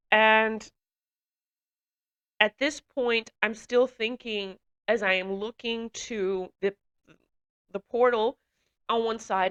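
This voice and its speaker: A woman's voice: fairly high pitch, bright, forceful tone, muffled recording. A woman giving an emotional personal testimony, speaking hesitantly with many fillers and restarts. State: emotional, runny nose. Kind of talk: personal testimony, reflective storytelling.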